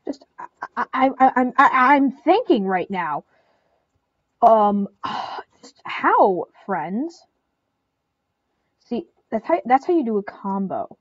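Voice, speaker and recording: Excitable high-voiced young woman gamer. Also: takes it slowly, pauses often, dry recording, highs cut off. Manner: excitable, squealing and crying out in panic; repeats short phrases over and over. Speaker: gameplay commentator. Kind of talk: excitable live game commentary.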